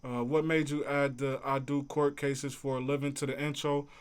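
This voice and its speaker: A man's voice: medium pitch, flat delivery, moderate pace, smooth. A man hosting a casual livestream, answering chat in a laid-back, conversational way. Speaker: livestream host reading chat.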